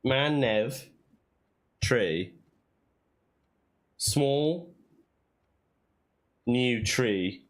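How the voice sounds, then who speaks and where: A man's voice: mid-range voice, expressive, very slow, long pauses. A man streaming a puzzle game, thinking aloud and sounding out made-up words in a casual way. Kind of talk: casual let's-play commentary.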